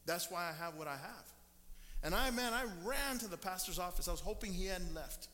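Man, pastor, sermon, storytelling, high pitch, long hall echo. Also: lively intonation, a little fast, bright, forceful tone. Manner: storytelling, acts out quoted people. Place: church sanctuary. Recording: long church reverb.

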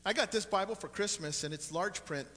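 Man, forties, pastor, folksy joking sermon, slightly high voice, long church reverb. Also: brisk, bright, forceful tone. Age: 40s. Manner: folksy, joking, chatty with the congregation. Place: church sanctuary.

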